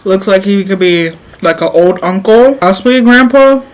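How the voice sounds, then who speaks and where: A young woman chats to her camera at home between bites, eating while she talks. She is animated and laughs often, and her voice sits at an ordinary middle pitch. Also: moderate pace, low-quality recording. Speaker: vlogger. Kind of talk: casual storytelling mukbang.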